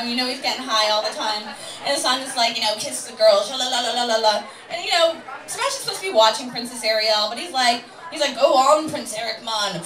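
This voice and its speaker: Woman comic, high voice, snarky and crude, roomy club sound from far off, crowd laughing. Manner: loose, sarcastic, crude punchlines. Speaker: stand-up comedian. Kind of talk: stand-up comedy set. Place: comedy club stage with a live audience. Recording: roomy live club recording from a distance, with audience noise.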